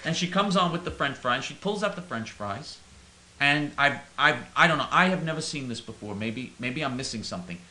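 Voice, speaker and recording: A man's voice: mid-range voice, animated, brisk, pushed and bright, roomy sound, a little hiss or hum, poor audio. A man ranting in character in a comic monologue, rambling and stammering with mock-earnest indignation. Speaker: comedic caller in character.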